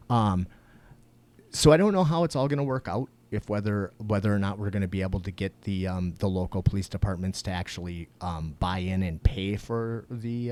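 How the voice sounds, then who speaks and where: A man's voice: on the low side, dark tone. A man co-hosting a podcast, talking in a rambling, profane way with many fillers and restarts. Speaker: podcast co-host. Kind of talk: casual chat.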